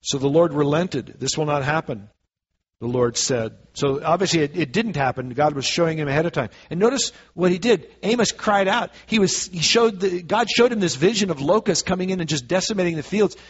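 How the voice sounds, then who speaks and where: Pastor with a higher voice, lo-fi sound. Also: male voice, a little fast, breathy edge. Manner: reads scripture then explains it in plain casual words, acting out voices. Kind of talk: sermon with scripture reading.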